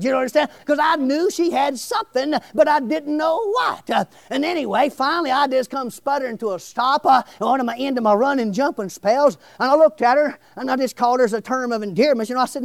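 A middle-aged man, preaching a testimony sermon in a loud, exclamatory way, often shouting. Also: very high-pitched, vocal fry, dry recording. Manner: shouting, exclamatory, breaks into laughs.

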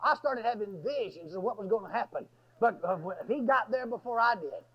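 A man telling a story in a sermon, folksy and animated, often bursting into shouts. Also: sits high, brisk, breathy edge. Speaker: preacher. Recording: dull lo-fi sermon recording.

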